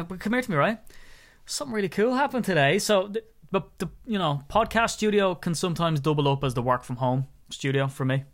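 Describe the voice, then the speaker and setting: An excitable, jokey man co-hosting a casual podcast, nursing a cold. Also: mid-range voice. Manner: excitable, jokey, quick to tease. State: sick with a cold, coughing. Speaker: podcast co-host.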